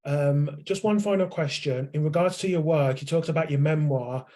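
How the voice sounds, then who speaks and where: A man's voice: a little high, moderate pace, mellow. A man hosting a podcast interview, politely thanking his guest and asking a closing question. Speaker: podcast host.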